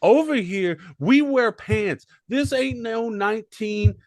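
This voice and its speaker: A defiant, foul-mouthed rapper who snaps back at every question, as a man acts him out. His pitch swings widely, and the sound is close and dry. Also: lively intonation, slow pace, a little mellow, no echo. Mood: combative. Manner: profane, combative.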